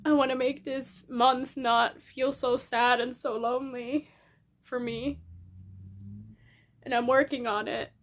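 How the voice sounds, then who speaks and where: A young woman talking to her camera in a casual diary vlog while crying, rambling in halting phrases with many restarts. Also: sits high, steady tone. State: tearful, crying. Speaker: vlogger. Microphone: camera in front of her.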